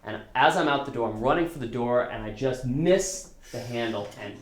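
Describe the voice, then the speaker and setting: A man's voice: mid-range voice, expressive, moderate pace, reverberant, heavy background noise. A man telling a true story on stage at a storytelling concert, conversational and self-deprecating, with frequent restarts. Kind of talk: live storytelling performance.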